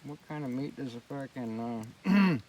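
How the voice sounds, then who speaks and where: A blunt, foul-mouthed man rants by a campfire, his voice at an everyday middle pitch. He sits back from the mic, so he sounds a little distant, with faint outdoor noise around him. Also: expressive, unhurried, darkish tone. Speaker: host. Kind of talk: fireside rant.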